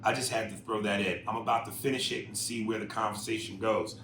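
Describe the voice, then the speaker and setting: A man co-hosting a casual podcast, reading listener emails and riffing on them in a profane, animated way that jumps loud and high when he makes a point. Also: quick pace. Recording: roomy echo with faint noise.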